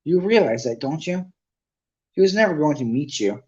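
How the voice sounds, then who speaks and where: A man's voice: a little high, lively intonation, moderate pace, darkish tone, voice pushed up, lightly acted. Raised, snappy know-it-all girl, as a guy reads her, muffled sound. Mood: lecturing. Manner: snappish, lecturing. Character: bossy know-it-all schoolgirl, sharp-tongued. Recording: dull lo-fi recording.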